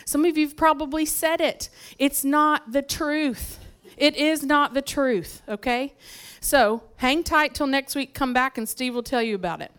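A woman preaching a conversational sermon in church, telling stories from her life with lively asides to the congregation. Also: high voice, clean tone. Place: church sanctuary.

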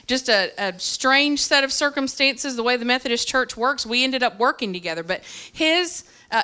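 A woman's voice: high voice, clean tone. A woman pastor preaching to a congregation, telling a candid story about herself with frequent ums. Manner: lively, self-deprecating storytelling with many ums. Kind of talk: sermon. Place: church service. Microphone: handheld or stage mic with feedback when moving.

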